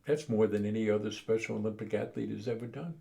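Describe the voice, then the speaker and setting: A man co-hosting a casual podcast, chatting and telling jokes with a lively delivery. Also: fairly low pitch, fast, vocal fry. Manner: lively, laughs at jokes, acts out voices in stories. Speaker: podcast co-host.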